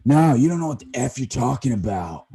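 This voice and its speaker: A man putting on a brash, scolding male fitness podcaster for a quick impression. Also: mid-range voice, sing-song, dark tone, voice pushed up.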